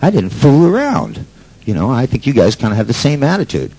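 A man's voice: mid-range voice, huge pitch swings, a little fast, gravelly, mellow, a little hiss or hum, rough recording. A man telling a story to an audience in a brash, sardonic way, swearing freely. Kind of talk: profane storytelling talk.

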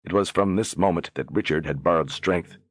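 A man narrating an audiobook in a measured, dramatic way. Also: sits low, no echo.

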